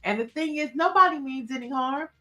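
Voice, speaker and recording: A woman with a bright, forward voice co-hosts a morning news show. She talks in an animated, casual way, laughs easily, and leans on fillers. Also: high voice, fairly quick. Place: Los Angeles.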